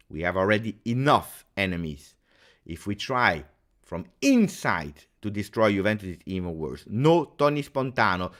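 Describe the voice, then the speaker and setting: A man's voice: medium pitch, a bit bright. A man with as his hosting a casual pregame football talk, emphatic and angry, repeating phrases for stress. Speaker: football channel host.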